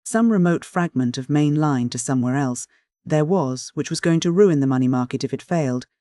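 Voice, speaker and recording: Steady audiobook narrator, dry sound. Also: mid-range voice, fairly quick, dry recording.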